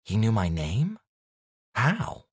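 A man's voice: huge pitch swings, takes it slowly, slightly rough, no echo, studio quality, full character voice. A man voicing a young woman, a witch, who talks in pleading, insistent questions in an audiobook. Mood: questioning. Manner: pleading, questioning, pitched up high.

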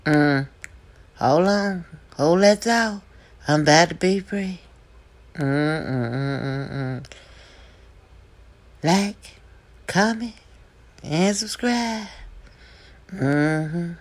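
A gossip show host, delivering comedic gossip commentary full of sassy, drawn-out hums and knowing mm-hmms. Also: mid-range voice.

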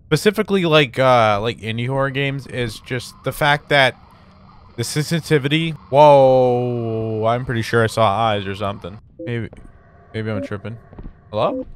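Young male horror-game streamer, mid pitch, casual and profane, easily spooked, faint background noise. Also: measured pace. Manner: jumpy, swearing, nervous laughter, talks to game characters. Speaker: gaming YouTuber. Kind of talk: horror game let's play commentary.

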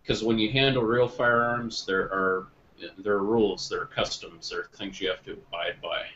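Man, casual podcast chat, rambling storyteller, bright tone, muffled audio. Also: fairly low pitch, moderate pace. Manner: rambling, self-correcting, animated when retelling stories. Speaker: podcast co-host. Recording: muffled lo-fi online call audio with faint noise.

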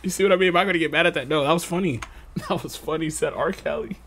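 A man hosting a reaction video, talking casually, excitable and quick to laugh. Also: fairly high pitch, creaky, noisy background. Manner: excitable, laughs often, animated outbursts. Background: hip hop music playing.

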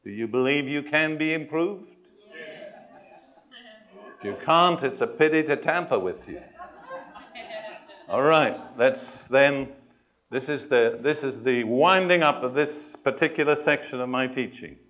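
A man preaching a sermon to a congregation. He speaks in a measured, emphatic way, puts questions and challenges to his listeners, and adds touches of dry humor. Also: mid-range voice, expressive, fairly bright tone. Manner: addresses and challenges the congregation directly.

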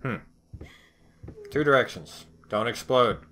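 A man hosting a horror game let's play, swearing and snarking at everything on screen. He talks slowly, and his voice has a bright edge. A faint hiss sits underneath. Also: medium pitch. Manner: profane, snarky reactions to the game. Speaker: gaming video host.

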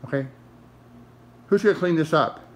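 A man's voice: on the high side, normal speed. A man scolding his dog in a mock-stern, exasperated, sarcastic way, talking to it like a person.

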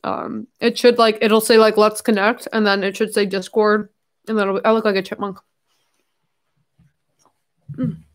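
A woman's voice: medium pitch, flat delivery, normal speed, long pauses. Young woman, live-stream chat, rambling, frank, swears, laughs a lot, talking with her mouth full. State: eating while talking.

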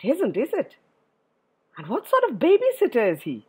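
A woman reading a poem aloud to children in an expressive way, often stopping to ask her listeners questions. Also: fairly high pitch, moderate pace, slightly rough. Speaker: storyteller for children.

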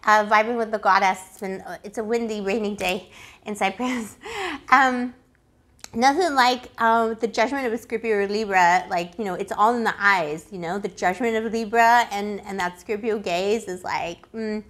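A woman giving a casual tarot reading, playful and affectionate, calling the listener pet names, her voice slightly hoarse. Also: medium pitch, fairly even intonation, moderate pace, a bit bright. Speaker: tarot reader.

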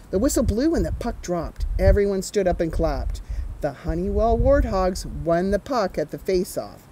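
A woman's voice: medium pitch, noisy background. A woman from Canada, an author reading her picture book aloud with chatty asides to children. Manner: animated, chatty asides to young listeners. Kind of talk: children's storytime read-aloud.

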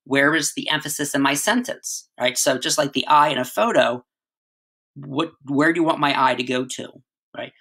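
Bright-voiced man teaching a writing lesson. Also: medium pitch, steady tone, moderate pace, slightly rough. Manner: conversational, frequent "right?" and "all right" checks.

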